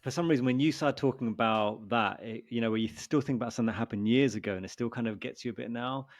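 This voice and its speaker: A man hosting a podcast, telling stories in a quick, animated, casual way. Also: mid-range voice. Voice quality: fast, animated storytelling. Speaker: podcast host. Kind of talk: casual chat.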